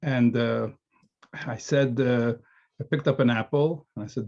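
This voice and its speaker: A man in a course discussion tells a story in a measured way. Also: medium pitch, steady tone, warm tone. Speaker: course participant. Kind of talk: telling an anecdote. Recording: dull lo-fi audio.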